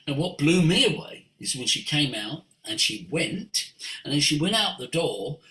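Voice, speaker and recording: Brief: lively male voice coach, bright, forceful delivery in an echoey room. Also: on the high side, normal speed. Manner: animated, acts out voices in quotes. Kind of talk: storytelling talk.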